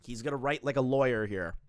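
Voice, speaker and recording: A man's voice: creaky, no room sound. A man ranting sarcastically and with profanity on a live commentary stream. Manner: exasperated, profane and sarcastic, with jumps in pitch. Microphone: streaming setup with a camera.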